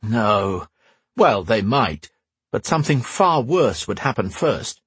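Sarcastic worn-out young dude played by a man, kinda husky, dry close sound. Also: on the low side, big pitch swings, takes it slowly, fairly bright tone, dry recording, full character voice. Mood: sardonic, wry. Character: sardonic young man, weary and restless.

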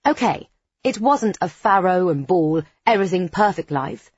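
Woman audiobook narrator, husky, dry and slightly dull recording, expressive first-person reading. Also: on the low side, moderate pace, no room sound.

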